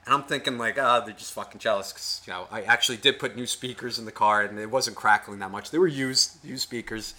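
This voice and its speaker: A man's voice: lowish voice, a little fast, few pauses, bright, forceful tone. A man, a podcast co-host telling a long, profane, rambling story. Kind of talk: casual storytelling.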